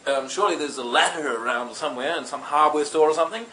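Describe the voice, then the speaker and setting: A man's voice: on the high side, fast talker, sharp tone, poor audio. A man voicing a fussy young woman stuck in a tower who nags her suitor. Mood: nagging. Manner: nagging, exasperated.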